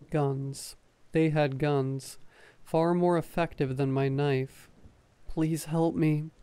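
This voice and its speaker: A man reading a first-person horror story in a soft, slow ASMR style, close to the microphone. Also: on the high side, smooth, no echo. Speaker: story narrator.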